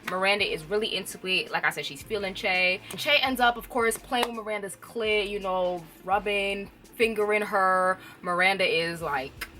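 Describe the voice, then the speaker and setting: A woman's voice: mid-range voice, normal speed, hardly any pauses, sharp tone. A woman reviewer casually recapping a TV episode, chatty and often laughing. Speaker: TV show reviewer.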